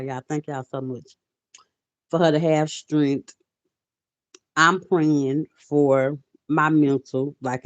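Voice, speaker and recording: A woman's voice: low voice, no echo. A woman in her forties hosting a casual livestream, telling a personal story, emotional at times and greeting viewers as she talks. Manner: emotional, softening to quiet. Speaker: livestream host. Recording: dull lo-fi audio.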